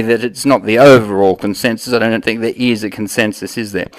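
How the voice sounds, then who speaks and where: A man moderating a comic debate panel, speaking in a halting, hesitant way with frequent uhs and ums. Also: fairly low pitch, fairly even intonation, no room sound, rough recording.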